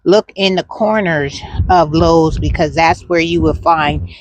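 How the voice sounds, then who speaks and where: A woman's voice: sits low, a little slow, a little hiss or hum. A woman talking casually to her followers in a gardening vlog, chatty and rambling with lots of fillers, filming on her phone. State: out of breath. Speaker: gardening vlogger. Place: in a car.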